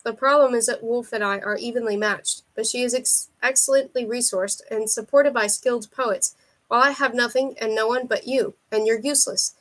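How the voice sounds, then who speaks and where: A woman reading the lines of a calm, precise man in an audiobook, in a flat, matter-of-fact delivery. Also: fairly high pitch, moderate pace, lightly acted. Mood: cool.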